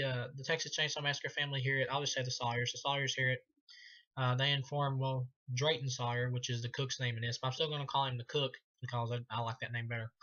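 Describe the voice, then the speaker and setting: A man's voice: medium pitch, bright, forceful tone, highs cut off. A man giving a casual spoken film review, rambling, laughing often and swearing freely.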